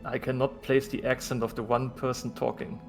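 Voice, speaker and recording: A man's voice: medium pitch, flat delivery, brisk, vocal fry. Brief: teasing male gamer, casual talk, faint music in the background. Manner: joking, teasing. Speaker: gaming companion. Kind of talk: casual chat while gaming.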